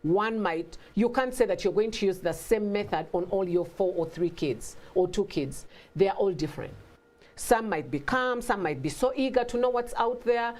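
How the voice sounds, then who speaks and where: A woman guest in a casual talk, telling stories with lively acted-out quotes and frequent laughter. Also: medium pitch, normal speed. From Africa. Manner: animated storytelling, acts out quotes, laughs often. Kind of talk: casual conversation.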